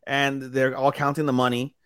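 A man's voice: mid-range voice, moderate pace, smooth, dry recording, studio quality. A man co-hosting an anime podcast in casual chat, swearing freely and acting out characters as he recaps. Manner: profane, animated storytelling, mimics characters. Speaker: podcast co-host.

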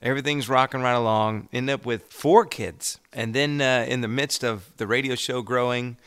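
A man's voice: medium pitch, steady tone, moderate pace, fairly bright tone, clean tone. A man hosting a casual interview who laughs easily and asks open questions. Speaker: podcast host.

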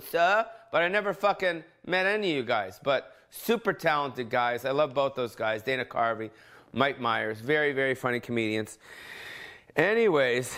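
A man hosting his own podcast, ranting casually from home with heavy swearing and sudden mock voices. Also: mid-range voice. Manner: profane, animated, jumps into mock voices. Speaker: podcast host. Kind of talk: casual solo rant.

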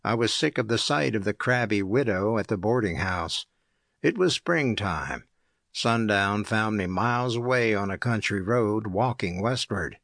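Gravelly, dry male audiobook narrator. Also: fairly low pitch, dry recording. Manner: measured, even storytelling. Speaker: audiobook reader.

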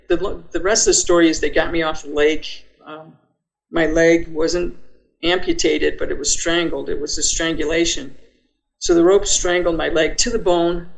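Older lady guest on a podcast, kinda gravelly voice, tells her story vividly and acts out what she was thinking. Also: fairly low pitch, rough recording. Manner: vivid retelling, acts out her own thoughts. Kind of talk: personal storytelling.

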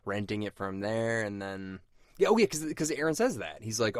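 Animated man in a dry room. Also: lowish voice, moderate pace, no room sound. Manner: animated, laughing, slangy. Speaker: podcast co-host. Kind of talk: casual film discussion.

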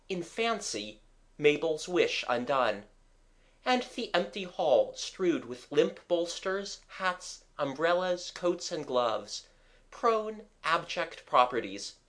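An audiobook reader giving scripted narration with expressive, lively storytelling. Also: medium pitch, takes it slowly.

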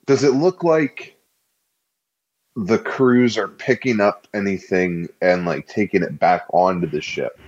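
A man's voice: low-pitched, measured pace, dull audio. A man playing a character in a tabletop role-playing game, laying out plans in casual talk. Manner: plotting, conversational, swears casually. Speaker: player.

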